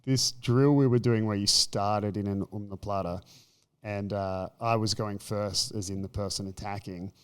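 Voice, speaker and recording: An Australian man in a casual chat, telling animated stories and acting out quotes. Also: on the low side, normal speed, clean tone. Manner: animated storytelling, acts out quotes. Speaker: podcast guest.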